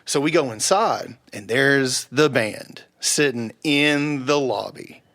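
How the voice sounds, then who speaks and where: Animated man telling a wild story. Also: mid-range voice, slow. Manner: animated, swears freely, acts out quoted voices loudly. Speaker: podcast guest. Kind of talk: casual storytelling.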